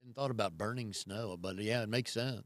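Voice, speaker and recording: A man's voice: fairly low pitch, normal speed, no echo, studio quality. A man hosting a casual interview, asking curious questions and giving brief affirmations. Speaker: interview host.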